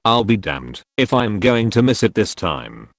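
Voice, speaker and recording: A man voicing a deadpan male doctor in a spoken joke. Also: lowish voice, measured pace, creaky, no room sound, studio quality, heavily acted.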